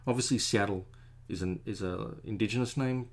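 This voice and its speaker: At a moderate pace and fairly low pitch, a middle-aged artist talks casually as he draws. He chats and drifts off topic, often making fun of himself.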